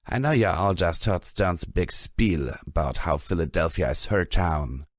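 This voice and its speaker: A man's voice: deep voice, lively intonation, unhurried, no room sound, studio quality. A man voicing a spiteful, menacing female pony bully in an audiobook, with a sneering, taunting delivery. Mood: smug.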